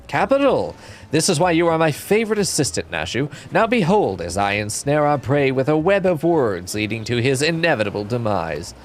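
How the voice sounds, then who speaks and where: A man voicing a pompous, flamboyant gentleman inspector with grandiloquent, theatrical delivery. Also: medium pitch, sing-song, moderate pace, slight background noise, natural voice. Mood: grandiose.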